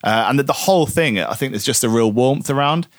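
A man's voice: medium pitch, expressive, a little fast, dry recording, studio quality. A man from Guernsey chatting casually on a podcast, reviewing a film in a rambling, hesitant way with many restarts. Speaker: podcast co-host.

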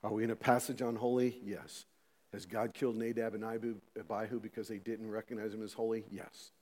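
A middle-aged man preaching a sermon as pastor, animated, swinging between loud emphasis and quiet asides, with many rhetorical questions. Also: lowish voice, fairly quick. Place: church sanctuary. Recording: long reverb of a church hall.

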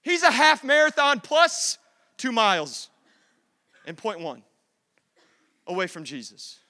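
Fervent male pastor, very high voice, sermon in a reverberant church. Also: sing-song, slow pace, pushed and bright. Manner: fervent, conversational, repetitive emphasis. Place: church sanctuary. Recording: long church-hall reverb.

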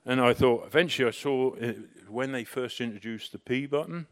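A middle-aged man telling a personal story in a casual, anecdotal way, animated and full of restarts. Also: mid-range voice, fairly quick. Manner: animated, with restarts and bursts of excitement. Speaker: storyteller recounting personal experience.

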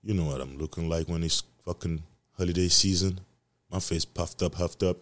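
Low-voiced man ranting on his podcast. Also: steady tone, moderate pace, a bit bright. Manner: profane, ranting, rambling. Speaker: podcast host. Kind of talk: casual solo podcast rant. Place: home.

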